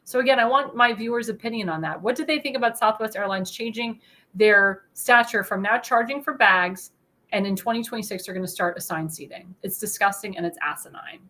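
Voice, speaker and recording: A woman's voice: mid-range voice, fairly quick, sharp tone. A young woman hosting a talk show, ranting indignantly in an opinion monologue and speaking straight to her viewers. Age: young adult.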